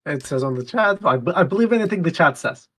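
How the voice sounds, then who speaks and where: A man's voice: a little high, lively intonation, fast talker, a bit bright, husky. A man co-hosting a casual live stream, making dry, teasing remarks. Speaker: co-host of a tabletop wargaming stream.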